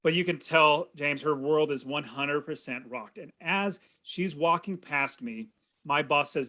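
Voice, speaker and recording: A man in his thirties, a podcast guest, telling a personal story in an earnest, animated way. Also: a little high, a little slow. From California. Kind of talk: storytelling in an interview.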